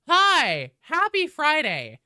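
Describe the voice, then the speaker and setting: A woman streaming live while sick with a cold, chatting casually and shouting loud, profane greetings to her viewers. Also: high-pitched, wildly swooping pitch, takes it slowly, no room sound, studio quality.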